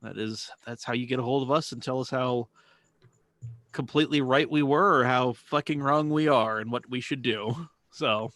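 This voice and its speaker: A man's voice: mid-range voice, normal speed, fairly bright tone, no echo. A man co-hosting a car podcast in casual chat, laid-back and profane, often trailing off and restarting. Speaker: podcast co-host. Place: home basement.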